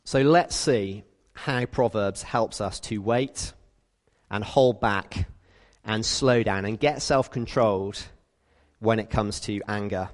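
A British man giving a conversational sermon, telling stories in a lively way and acting out the people in them. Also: lowish voice, takes it slowly, long reverb tail. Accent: British English. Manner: lively storytelling, acts out quoted people. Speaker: preacher.

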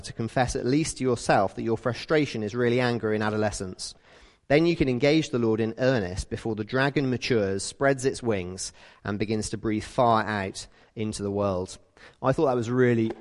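A British man giving a conversational sermon, telling stories in a lively way and acting out the people in them. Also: mid-range voice, normal speed, long reverb tail. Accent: British English. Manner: lively storytelling, acts out quoted people. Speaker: preacher.

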